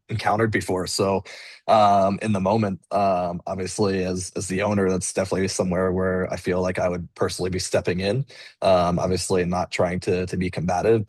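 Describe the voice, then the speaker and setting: A man's voice: low voice, husky, no echo. A man co-hosting a podcast, answering in a hesitant way with many fillers. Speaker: podcast co-host. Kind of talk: casual chat.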